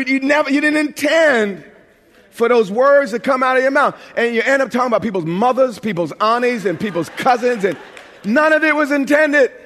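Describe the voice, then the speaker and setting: A pastor from New York preaching a lively, humorous sermon, often repeating words as he builds a point. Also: very high-pitched. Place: large church sanctuary. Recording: long hall reverb.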